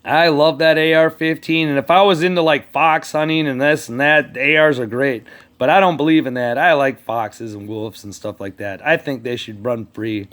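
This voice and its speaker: A man's voice: medium pitch, normal speed, fairly bright tone. A man ranting casually to his channel's viewers, rambling and swearing as he talks straight to politicians who aren't there. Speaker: vlogger. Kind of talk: casual rant to camera.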